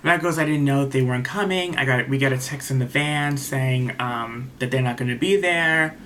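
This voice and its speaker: A man's voice: medium pitch, fairly quick, fairly bright tone, slight background noise. A man recapping a reality show episode in a casual, rambling way, retelling what the cast said and openly taking sides, with many ums and restarts.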